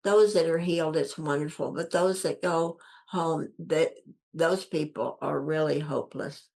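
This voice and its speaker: An older woman with a deep, low-set voice recounts her own story for an interviewer. She speaks earnestly and with emphasis, repeating key phrases and lifting her voice to play out what others said. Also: fairly even intonation, unhurried, vocal fry, a little mellow. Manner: earnest, acts out quoted dialogue with lifted voice. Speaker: guest.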